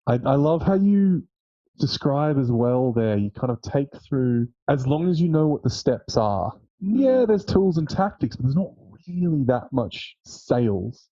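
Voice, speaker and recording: A man interviewing in an easy, relaxed way, agreeing and reflecting points back. His mellow voice comes through dull and lo-fi, with a dry, close sound. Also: mid-range voice, unhurried, no room sound. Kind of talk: casual podcast chat.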